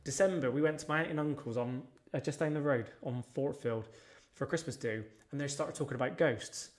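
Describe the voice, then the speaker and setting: A man's voice: medium pitch, a little fast. A man, a podcast guest telling personal stories in a casual chat, blunt and swearing freely.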